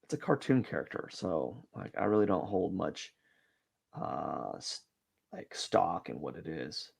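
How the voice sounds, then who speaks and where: A man with a low, gravelly voice talks casually to his live-stream viewers while he draws. He thinks out loud in a rambling, hesitant way and often second-guesses himself. He is quick to call his own work rough. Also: very animated. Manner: rambling, hesitant, self-questioning; self-deprecating about his work. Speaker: artist hosting a drawing live stream. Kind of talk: casual thinking-aloud commentary while sketching.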